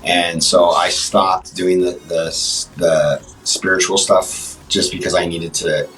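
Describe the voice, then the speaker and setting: A man talking as a guest on a livestream chat show, speaking haltingly with many restarts and fillers. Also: sits low, level tone, a bit bright, distant mic, a little hiss or hum, rough recording. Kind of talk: casual interview chat.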